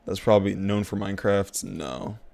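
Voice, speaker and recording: Young male streamer, low and gravelly, slangy and exasperated, repeats himself a lot. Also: steady tone, normal speed, a little mellow. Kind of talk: casual gaming commentary.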